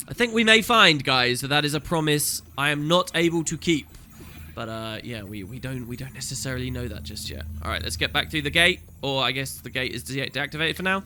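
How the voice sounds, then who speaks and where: A man's voice: mid-range voice, lively intonation, a little fast, sharp tone, slight background noise. A man hosting a let's play, commenting casually on a game with an amused, chatty manner. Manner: chatty, amused, reading dialogue aloud.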